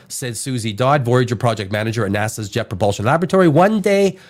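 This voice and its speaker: Animated man with a cold. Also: a little high. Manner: animated, rambling, swears casually. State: has a cold. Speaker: podcast host. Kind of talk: casual podcast talk, reading news aloud.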